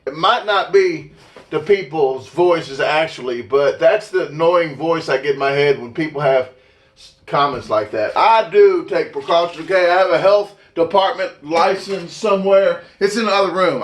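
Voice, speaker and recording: A man's voice: fairly high pitch, normal speed. A man hosting his own channel, talking casually to the camera in a rambling, chatty way and interrupting himself. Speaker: YouTube host, competitive eater. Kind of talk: casual vlog talk to the camera. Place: indoors at home.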